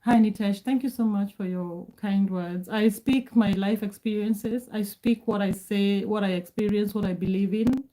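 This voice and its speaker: Woman in her 40s from kenya chatting on a livestream, reading names off the chat, calm and mellow. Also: medium pitch, rough recording. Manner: reads out viewer names and answers chat; calm, measured speech. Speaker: livestream host.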